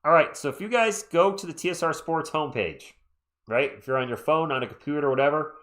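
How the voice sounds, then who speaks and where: A man's voice: fairly high pitch, a little fast, a bit bright. A tired man streaming live play-by-play, laid-back and chatty, talking to his viewers between plays. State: sleepy. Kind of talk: casual live sports commentary with chat shout-outs.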